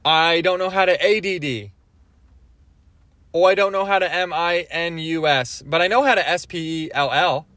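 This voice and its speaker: Man, solo podcast host, rambling, swears a lot, fairly high voice, dead dry sound. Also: normal speed, sharp tone, dry recording. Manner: scattered, jumps between topics, swears often.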